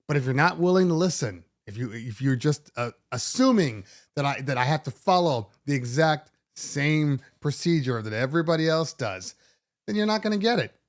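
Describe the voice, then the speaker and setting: A middle-aged man hosting a DJ podcast, talking casually in an animated, sarcastic way with many restarts. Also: a little high. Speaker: DJ podcast host. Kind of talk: casual monologue.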